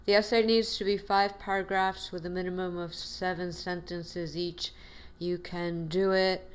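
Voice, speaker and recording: A woman's voice: on the low side, level tone, unhurried, clear, resonant tone. A woman teacher giving a classroom lecture in a patient, encouraging way, with frequent fillers.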